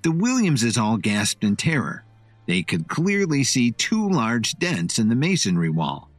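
A man's voice: medium pitch, huge pitch swings, measured pace, no room sound, soft background music. A man giving dramatic storybook narration.

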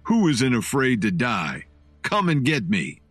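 A man's voice: medium pitch, sing-song, normal speed, no room sound, soft background music. A man doing a furious, domineering tough guy. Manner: shouting, menacing.

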